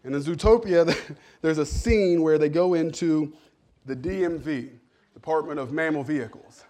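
A man's voice: on the high side, moderate pace, mellow. A male pastor giving a sermon with humorous, self-deprecating stories.

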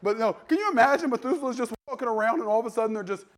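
A man preaching a sermon in a conversational way, animated, with sudden jumps in pitch and loudness and joking asides. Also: very fast.

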